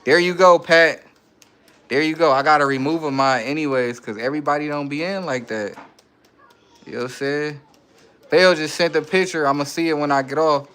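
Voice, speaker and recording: A man's voice: a little high, brisk, a bit bright, smooth. A man hosting a casual livestream, reading viewer comments aloud and answering in loose, slang-heavy banter. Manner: laid-back slang-heavy banter with frequent laughing. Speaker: livestream host.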